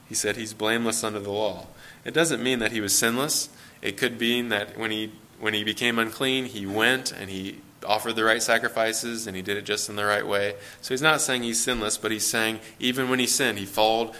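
A man's voice: fairly low pitch, steady tone, brisk, sharp tone. A man preaching an earnest sermon, explaining scripture and acting out quoted voices with rising emphasis.

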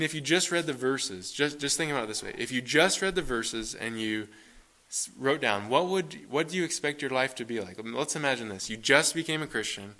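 A middle-aged man preaching a sermon, reading verses and asking the listeners earnest questions, building up to excited emphasis. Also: medium pitch.

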